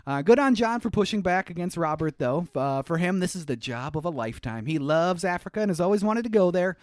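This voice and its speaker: A man's voice: high-pitched, animated, fast, no room sound, studio quality. A man casually recapping a movie on a podcast, joking, acting out lines in mock quotes and laughing often. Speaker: podcast co-host.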